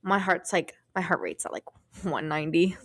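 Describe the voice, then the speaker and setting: Animated young woman telling a wild story. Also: on the low side, normal speed. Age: young adult. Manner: animated, profane, acts out quoted voices. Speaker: podcast co-host. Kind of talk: casual storytelling chat.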